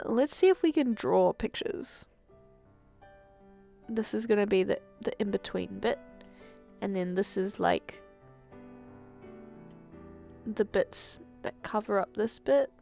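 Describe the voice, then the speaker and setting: A woman's voice: medium pitch, slow pace, gravelly, pauses often, darkish tone, faint music behind. A woman streamer chatting casually while she draws, rambling with self-mocking asides. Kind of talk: casual chat while drawing.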